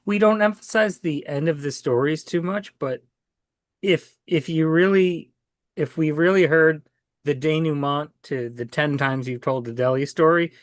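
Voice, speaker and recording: A man in casual chat teasing his co-host in a slow, drawn-out way. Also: a little high, no room sound, clean studio sound.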